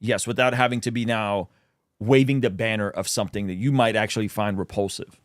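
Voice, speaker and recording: A man hosting a casual commentary chat, reacting loudly and talking in loose restarts. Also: on the low side, fairly quick, no echo, clean studio sound. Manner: animated, exclaiming, trailing off into restarts. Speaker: podcast host.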